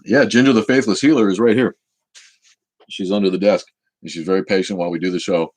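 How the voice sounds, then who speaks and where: A very low, husky man in his fifties. He hosts a casual live Q&A, answering bluntly and swearing freely. His voice sits at the deep bottom of the range. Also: steady tone, fast talker, a little mellow. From United States. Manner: blunt, profane, opinionated. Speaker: show host. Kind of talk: live-stream Q&A chat.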